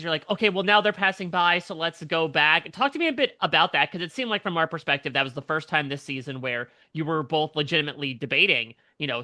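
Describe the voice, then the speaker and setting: A man's voice: a little high, pushed and bright. A man interviewing two contestants about a race episode, recapping events in a conversational way with frequent fillers. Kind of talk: entertainment interview.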